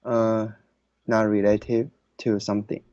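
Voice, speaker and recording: A woman's voice: extremely low pitch, level tone, slow pace, warm tone, no room sound, lo-fi sound. A woman student reading words aloud in a tutoring session, answering hesitantly and briefly. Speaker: TOEFL student.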